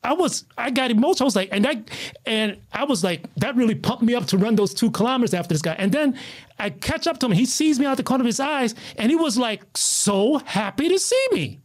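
A man from the United States, a guest on a talk show, telling stories in an excitable, animated way with many restarts. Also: very high voice, quick pace. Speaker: guest, martial artist. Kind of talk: casual conversational storytelling.

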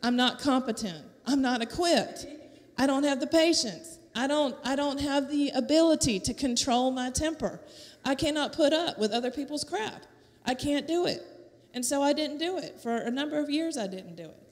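A middle-aged Southern US woman, a teacher, shares a lively testimony in a church sanctuary, laughing often and acting out other people's voices. Her voice is high-pitched and her pace moderate, and the recording has the echo of a church hall.

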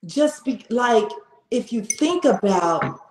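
Woman, casual faith talk, animated and slangy, bit high, recorded in an echoey room. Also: takes it slowly. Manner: animated, slangy, repeats herself.

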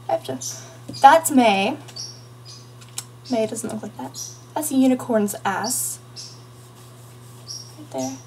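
Chatty teenage girl vlogging, fairly high voice. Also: darkish tone, a little hiss or hum. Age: teens. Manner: chatty, rambling, playful asides. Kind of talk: casual vlog chat.

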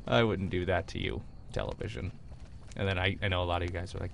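A man's voice: sits low, steady tone, fast talker, vocal fry, a bit bright. A young man commentating his gameplay in a jokey, rambling way with frequent exclamations. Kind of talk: let's play commentary.

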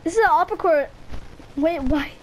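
A woman's voice: extremely high pitch, moderate pace, slight background noise. A woman in casual gaming chat with a friend, bossy and teasing. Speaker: gamer.

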